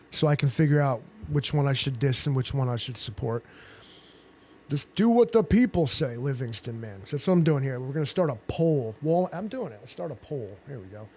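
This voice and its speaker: A man's voice: a little high, darkish tone. Rambling, joking man on a livestream. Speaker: livestream host. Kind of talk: casual livestream chat.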